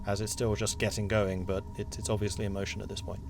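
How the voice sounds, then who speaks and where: A man narrating a tabletop game as game master, relaxed and descriptive. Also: fairly low pitch, fast, gravelly, over music.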